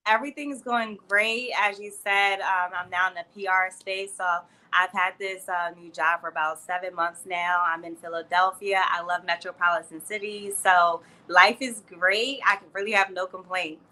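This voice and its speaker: Brief: young woman guest, bright, crisp tone, friendly and chatty. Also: on the low side, fairly even intonation, normal speed, hardly any pauses. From New Jersey and Florida, United States. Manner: friendly, chatty, laughs easily. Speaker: guest, PR professional. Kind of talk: casual interview.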